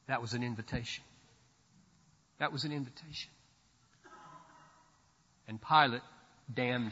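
A pastor preaching a sermon with emphatic declarations and sudden drops into low, quiet asides. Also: male voice, animated, normal speed, pauses often, long reverb tail, muffled recording.

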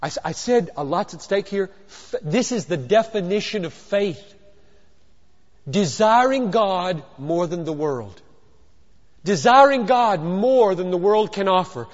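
A man with a high-pitched voice preaches a sermon, swinging from near-whispers to loud emphatic bursts. He drives his points home with rhetorical questions and repetition. The sound is dull and lo-fi, with long reverb from a large hall. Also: expressive, unhurried. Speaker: pastor.

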